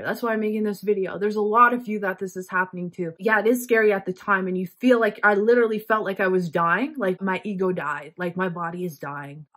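A woman's voice: medium pitch, fairly bright tone. A woman astrologer talking earnestly and emotionally in a personal vlog about her spiritual experiences. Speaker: astrologer and vlogger.

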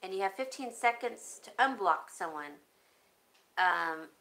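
A woman with an expressive, fairly bright mid-range voice chats casually on a live stream, showing jewelry. She takes her time and mutters to herself as she fiddles with her phone. The audio is poor.

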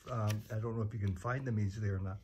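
A man's voice: lowish voice, steady tone, fast, mellow, a little hiss or hum. A man interviewing a guest, prompting and summing up his points. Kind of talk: conversational interview.

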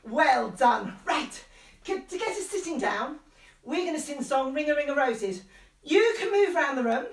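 A woman's voice: sits high, animated, normal speed, distant mic. A woman leading small children through nursery rhymes and action songs in a playful, sing-song way. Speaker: children's sing-along leader. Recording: echoey room, a bit off mic.

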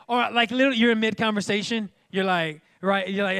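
A young male pastor, preaching in a comic, animated way and acting out voices. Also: sits high, a little fast, creaky, hardly any pauses, smooth, dry recording. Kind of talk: sermon.

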